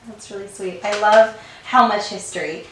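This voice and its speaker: A woman's voice: mid-range voice, fairly even intonation, moderate pace, a bit bright. Woman podcast host in an echoey room. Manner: encouraging, brief responses. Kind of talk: casual interview chat. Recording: roomy, distant, faint noise.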